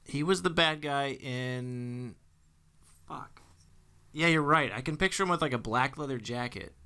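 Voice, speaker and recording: A man's voice: medium pitch, unhurried, bright, forceful tone, clear, resonant tone, no echo. Laid-back young man chatting movies. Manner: laid-back, swears casually, laughs often. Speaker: podcast co-host. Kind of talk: casual movie chat.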